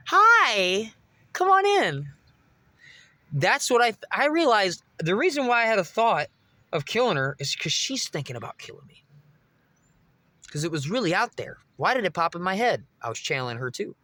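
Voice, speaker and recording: A man's voice: high-pitched, very animated, brisk, pushed and bright, dry recording. A young man vlogging, telling a rambling, profane story straight to his viewers. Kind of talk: casual monologue to camera.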